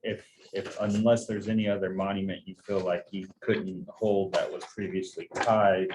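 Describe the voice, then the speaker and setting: A deep-voiced man chairing a board meeting, weighing each point slowly and circling back on his words. He hedges often and fills pauses while he thinks, and a faint hiss sits under his voice. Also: little pitch movement. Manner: hesitant, hedging, many fillers and restarts. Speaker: board member leading a public meeting. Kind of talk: formal meeting discussion.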